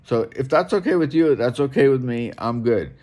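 A man's voice: mid-range voice, expressive, normal speed, a little mellow. A middle-aged man ranting alone in a room at home, blunt and profane, repeating himself as he talks. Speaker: vlogger. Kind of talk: ranting monologue to camera.

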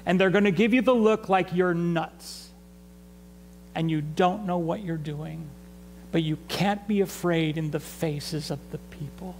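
A high-voiced man preaching slowly. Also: a little mellow, a little hiss or hum, low-quality recording. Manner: conversational preaching, asks the congregation to respond. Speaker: pastor. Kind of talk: sermon. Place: church sanctuary.

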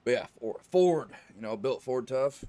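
A man streaming a farming game, chatting casually and rambling, often clearing his throat. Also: medium pitch, expressive, normal speed, mellow, no room sound. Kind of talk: casual live-stream chat.

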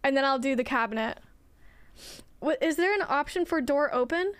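A young woman with a high voice and lively intonation chats with viewers at a moderate pace while playing a game, rambling, swearing often, and addressing chat directly. The recording is dry.

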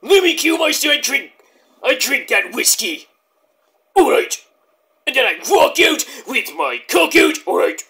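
A man doing a rowdy, shouting hard-drinking rock singer. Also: extremely high pitch, sing-song, measured pace, creaky, voice pushed up, heavily acted.

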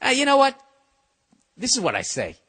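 A middle-aged man hosting a podcast, ranting in a casual comedic way, swearing freely and swinging between loud outbursts and low mutters. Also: wildly swooping pitch, moderate pace, breathy edge. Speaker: podcast host.

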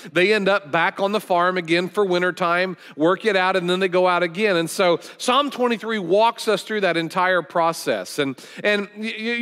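High, bright-voiced man preaching in a hall. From United States. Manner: conversational, folksy storytelling with restarts. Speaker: guest pastor. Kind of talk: sermon. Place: church sanctuary. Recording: long church hall reverb.

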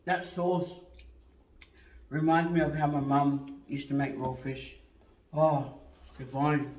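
A man chatting casually on a mukbang, laid-back and savoring the food with drawn-out murmurs. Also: medium pitch, fairly even intonation, darkish tone. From born in New Zealand, raised in Australia. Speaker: mukbang co-host. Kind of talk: casual chat while eating. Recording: roomy echo, mic far off.

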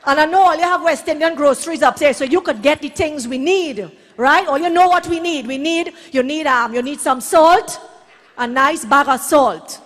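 A Trinidadian woman with a high voice does bawdy live stand-up on a hall stage, speaking at normal speed. Her storytelling is brash, and she shouts her punchlines.

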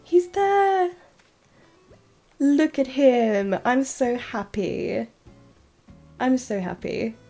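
Woman game streamer, casual and giggly, bright-pitched, given to excited squeals. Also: slow, soft background music. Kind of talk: casual live-stream chat while playing.

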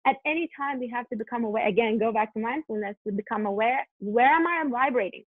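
Earnest higher-voiced woman on a tinny line. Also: fast talker, no echo. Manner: earnest, animated, repeats words and restarts. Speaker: guest, parenting coach. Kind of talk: podcast conversation. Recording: dry tinny phone-line sound.

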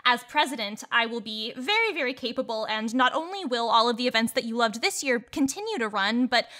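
A woman's voice: fairly high pitch, animated, fairly quick. A woman voicing a poised student running for president, composed and persuasive, in tabletop role-play. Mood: assured. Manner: composed, persuasive, with soft hesitations. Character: poised student election candidate, smooth and self-assured.

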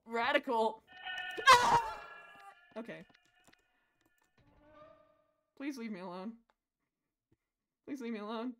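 A woman with a mid-range voice streams a horror game, chatting as she plays. She swings between shouted insults and quiet, mumbled asides, rambling and joking with her chat.

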